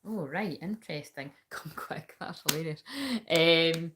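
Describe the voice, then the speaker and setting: A woman's voice: low-pitched, unhurried, noisy background. A woman giving a livestreamed tarot reading, chatting casually with her viewers and swearing freely. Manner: talks to viewers and chat while reading cards. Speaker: tarot reader.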